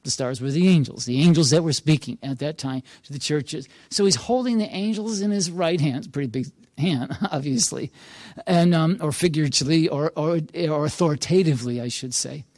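A man's voice: on the high side, brisk, darkish tone, no echo. Man, pastor, preaching, earnest, encouraging, emphatic, dry recording. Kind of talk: sermon.

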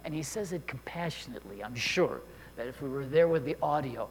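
In a long, reverberant hall with a faint hum, a man preaches in a mid-range, expressive voice at a fairly quick pace. His sermon feels conversational, with frequent check-ins with listeners and restarted sentences.

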